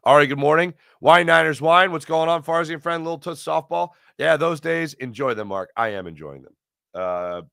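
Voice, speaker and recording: A middle-aged male sports talk host with a bright, forceful voice, chatting casually and with energy. He reads viewer messages aloud and reacts to them. The sound is dry and close to the mic. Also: mid-range voice, vocal fry, dry recording.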